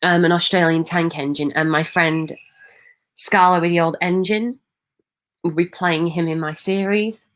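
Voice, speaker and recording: A woman's voice: fairly low pitch, steady tone, unhurried, a bit bright. A woman from Manchester, hosting a casual livestream and answering viewer comments in a hesitant way, full of ums and restarts. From Manchester, England. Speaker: livestream host.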